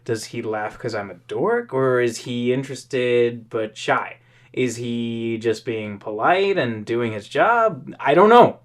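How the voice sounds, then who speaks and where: A tipsy co-host reads posts aloud slowly and deliberately at a mid pitch, stretching out the words. The tone is relaxed and teasing. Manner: slow, drawn-out reading, dry teasing. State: tipsy from drinking. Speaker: podcast co-host. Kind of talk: casual reading and banter.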